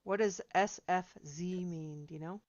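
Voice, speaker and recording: A woman's voice: on the low side, measured pace, darkish tone, no room sound, muffled recording. A woman piano teacher giving chatty, encouraging feedback to students in a seminar, singing out rhythms as she explains.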